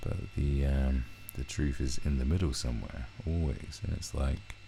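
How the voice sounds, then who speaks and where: A man's voice: very deep voice, steady tone, normal speed, gravelly, mellow, a little hiss or hum. A man ranting through a commentary video, swearing heavily and often restarting his sentences. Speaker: commentary vlogger.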